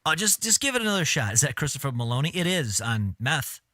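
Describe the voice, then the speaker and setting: A man's voice: fairly high pitch, very animated, fast talker, bright, forceful tone. A man hosting a live stream, giving casual, crude, joking commentary with laughing asides.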